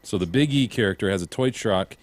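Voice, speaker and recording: A man's voice: on the low side, expressive, a little fast, no echo. A man co-hosting a podcast in casual chat, blunt and indignant and swearing freely. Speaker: podcast co-host.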